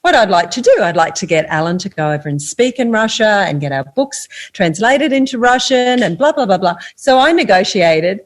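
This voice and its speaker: A woman's voice: mid-range voice, lively intonation, moderate pace, few pauses. An older woman, a guest author telling a story steadily in an interview.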